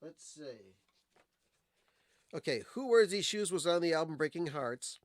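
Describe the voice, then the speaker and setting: A man hosting a livestream talks casually and at length about old singles and their B-sides, showing records and drifting off into stories. He rambles and uses plenty of fillers, his slightly high voice animated but measured in pace. The recording is dry and clean, studio-grade.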